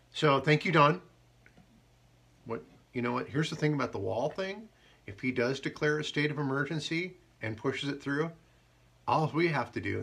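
A man hosting a live haiku show, chatting casually and joking, and reading poems slowly. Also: medium pitch, creaky, pushed and bright, breathy edge. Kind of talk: casual live-stream chat.

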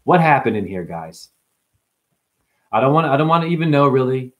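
A man's voice: mid-range voice, sing-song, fairly quick, a bit bright. A man hosting a livestream, casually reading out chat comments and joking with viewers by name. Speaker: livestream host.

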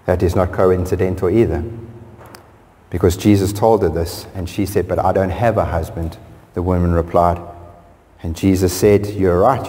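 A male pastor preaching in a church hall with long reverb. His fairly low, mellow voice climbs high and gets louder as he presses his main points. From South Africa. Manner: preaching with sudden rises in pitch and force on key phrases. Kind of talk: sermon.

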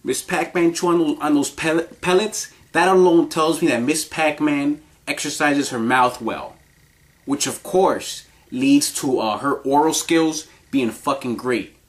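A man's voice: fairly high pitch, measured pace. A man giving casual countdown commentary in a crude, rambling, profanity-heavy way, often laughing.

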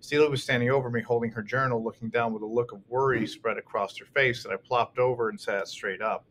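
A man's voice: mid-range voice, fast, hardly any pauses, slight background noise. Man narrating a first-person audiobook. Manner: expressive storytelling with occasional restarts. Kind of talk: first-person novel reading.

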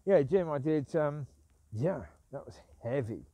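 A vlogger walks his dogs outdoors at night, rambling, grumbling, and repeating himself. His voice is on the high side and warm, with lively intonation and an unhurried pace, and there's no echo.

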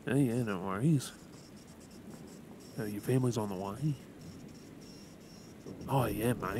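A man with an Australian accent in a soft, whispered role-play, gently reassuring the listener with halting words. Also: fairly low pitch. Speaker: ASMR creator. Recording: rain and thunder noise behind. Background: steady rain and thunderstorm.

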